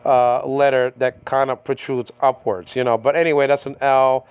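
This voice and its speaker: A man teaching a casual verse-by-verse lesson on biblical Greek and Hebrew, halting often with fillers and checking in with "okay?". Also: medium pitch, flat delivery, smooth. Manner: halting, many fillers and repeated okays. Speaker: Bible teacher. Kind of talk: informal verse-by-verse language lesson.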